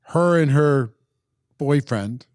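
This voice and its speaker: A man with a high-pitched voice hosts a live-streamed summit with lots of energy, pumping up viewers and reading their comments aloud. The sound is dry and close to the mic. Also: slow pace, a little mellow, no echo. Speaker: summit host. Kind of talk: live-stream event hosting.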